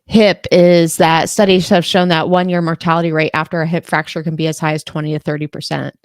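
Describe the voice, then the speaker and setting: Low-voiced woman co-host, dry sound. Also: flat delivery, fairly quick, no room sound. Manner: supportive listener, short reactions. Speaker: podcast co-host. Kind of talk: casual podcast chat.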